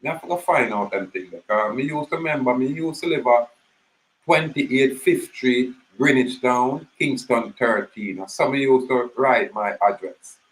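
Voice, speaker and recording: A man's voice: medium pitch, a little slow, low-quality recording. A man from Jamaica with a Jamaican Patois accent, talking in a loose, rambling monologue and telling stories. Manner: rambling, animated storytelling in Patois. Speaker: channel host. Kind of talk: casual monologue.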